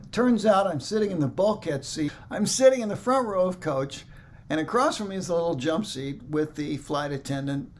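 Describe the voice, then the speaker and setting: Man, animated storyteller, higher voice, light background noise. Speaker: musician telling a story to a congregation. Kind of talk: storytelling talk.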